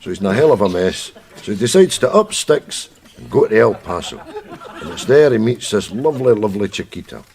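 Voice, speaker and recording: Brief: cranky old Scottish pensioner, lively up-and-down voice, fond of cowboy books. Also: male voice, fairly low pitch, brisk, creaky. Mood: bickering. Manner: grumbling, mocking banter.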